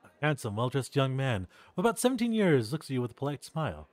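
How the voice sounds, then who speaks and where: A man hosting a let's play who reads game text and comments in an animated way, laughing often, into a close desk mic. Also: mid-range voice, fast, no room sound. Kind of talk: casual game commentary and narration.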